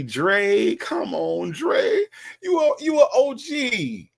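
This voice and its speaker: A man hosts a casual talk show, ribbing his guest with repeated jabs. His voice is gravelly and bounces widely in pitch, sitting a touch higher than most men's. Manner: teasing, repetitive, animated. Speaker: show host. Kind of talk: casual commentary on a call recording.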